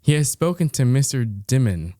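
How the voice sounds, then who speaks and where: This young man co-hosts a podcast, laughing often as he reads out a listener's story and tosses in dry, amused asides. His mid-range voice is mellow and sing-song at a normal speed, recorded dry.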